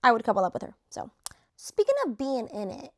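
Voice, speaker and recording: Young woman rambling to her camera, lots of likes and slang, voice a touch on the high side. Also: big pitch swings, a little fast, darkish tone. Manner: chatty, filler-heavy slangy talk. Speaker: vlogger ranking reality show cast. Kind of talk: casual chat to camera.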